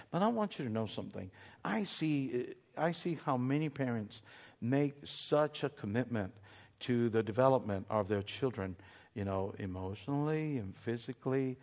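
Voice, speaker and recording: Man preaching a conversational sermon. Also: fairly high pitch. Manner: conversational preaching, rising to emphatic bursts, asks the congregation questions. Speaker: pastor.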